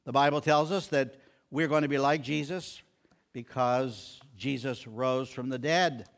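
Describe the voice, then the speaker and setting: A man's voice: medium pitch, fairly even intonation, measured pace. An older man preaching a sermon, telling scripture stories and acting out the quoted lines. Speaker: pastor.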